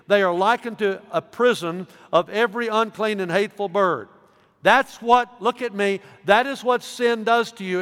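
Man, pastor preaching, high voice, smooth and resonant, emphatic, long hall reverb. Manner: emphatic preaching with sudden loud and soft swings. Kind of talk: sermon.

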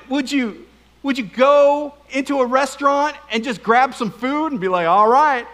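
A middle-aged man preaching a sermon with jokes and questions to the congregation. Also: extremely high pitch. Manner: animated, joking, asks the crowd questions. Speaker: pastor. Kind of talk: humorous sermon.

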